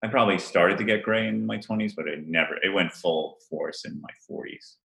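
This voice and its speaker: A middle-aged man from Rhode Island with no regional accent, telling stories with an animated, laughing manner as an interview guest. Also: low voice, a little fast, vocal fry, echoey room, low-quality recording. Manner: animated storytelling with frequent laughs. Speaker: event planner guest. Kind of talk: casual interview chat.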